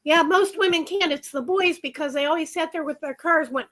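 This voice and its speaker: A woman's voice: sits high, brisk, sharp tone. A woman chatting casually on a livestream, telling stories and laughing easily. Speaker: livestream co-host. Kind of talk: casual live chat.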